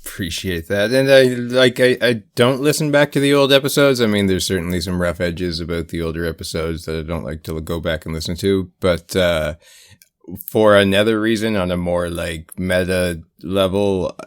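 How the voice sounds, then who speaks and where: A man's voice: low-pitched, fairly even intonation, moderate pace, clear, resonant tone. A man co-hosting a casual podcast, speaking candidly and loosely with casual swearing. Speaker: podcast co-host and player.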